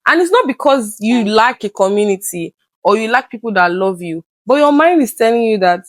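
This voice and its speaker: A woman's voice: on the high side, fairly quick, dry recording. A woman speaking as a guest in a candid personal conversation, earnest and open, often acting out past conversations. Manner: earnest, reenacts conversations with lively quoted voices.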